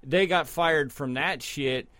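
A man's voice: on the high side, takes it slowly, sharp tone, no room sound. A man co-hosting a podcast, blunt and crude as he tells stories in casual chat. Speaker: podcast co-host.

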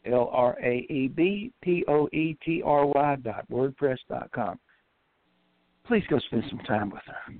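A man calling in to a radio show, animated and playful in his chatter, over a tinny phone line. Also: medium pitch, a little slow, dry recording. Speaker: caller. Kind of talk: casual call-in chat.

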